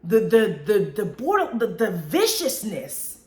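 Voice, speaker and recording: A woman's voice: medium pitch, big pitch swings, unhurried, darkish tone. A woman hosting a solo movie review show, talking casually and expressively with slang, restarts. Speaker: podcast host reviewing movies. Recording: roomy echo.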